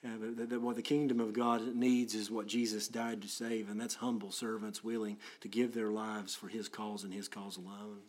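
A man preaching a sermon as pastor, earnest and plain-spoken, then praying quietly. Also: fairly low pitch, flat delivery, moderate pace, hardly any pauses.

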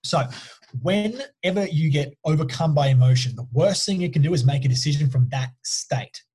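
A man's voice: fairly high pitch, animated, moderate pace, a little mellow, breathy edge. A man, a mindset coach and guest, talking casually and emphatically, often checking in with "right?". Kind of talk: casual storytelling interview.

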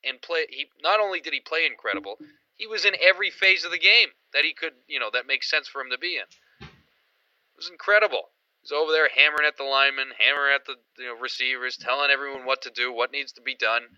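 A man co-hosting a sports podcast, talking in a rambling, excited way with lots of fillers. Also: mid-range voice, fast talker, smooth, no room sound, highs cut off. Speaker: podcast co-host. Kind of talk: casual sports chat.

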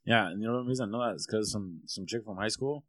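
Low-voiced guy with a sore throat. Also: fast, dry recording, studio quality. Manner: crude, jokey storytelling. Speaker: podcast host. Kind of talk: casual chat.

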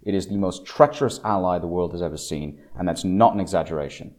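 A man with a very low, deep voice delivers an opinionated political monologue. He is blunt and emphatic, drawing out the words he wants to land. He often stumbles into restarts and side remarks. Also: a little mellow. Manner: emphatic, slows down to stress key phrases; blunt, with frequent restarts and asides. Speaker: political commentator.

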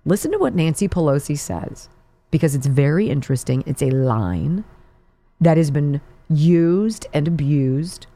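A woman's voice: sits low, animated, a little slow, mellow. A woman in her forties hosting a political talk radio show, delivering a combative, sarcastic monologue.

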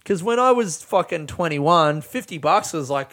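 A man's voice: fairly high pitch, animated, normal speed, a bit bright. A young Australian man telling a rambling, sweary comic story about waiting for money.

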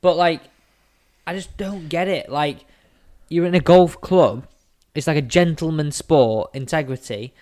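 Male co-host, higher register, casual, chatty, reacting and agreeing. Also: a little slow, darkish tone. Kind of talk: casual chat.

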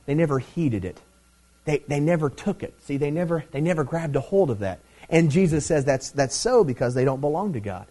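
A man preaching a sermon as pastor, emphatic and conversational, with big swings in pitch and loudness and frequent asides like "see" and "man.".

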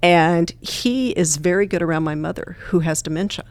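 Lowish woman's voice, earnest plain talk about her dogs, interview guest. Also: normal speed. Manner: earnest, plain-spoken anecdotes. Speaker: guest, therapy dog trainer. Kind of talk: storytelling interview answers.

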